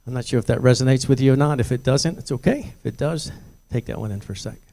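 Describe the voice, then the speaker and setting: A man's voice: mid-range voice, fast, creaky, mellow. An older man giving a conversational presentation to parents about bullying prevention, telling stories from his own life. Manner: conversational storytelling, acting out voices in anecdotes.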